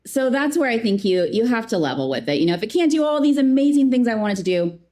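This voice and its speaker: A woman in a customer experience role, chatting casually as an interview guest, animated and acting out little quotes. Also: on the high side, fast talker.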